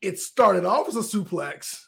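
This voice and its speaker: Slow, halting man co-host. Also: high-pitched, expressive, gravelly, husky. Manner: halting, lots of fillers and restarts. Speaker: podcast co-host. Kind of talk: casual chat.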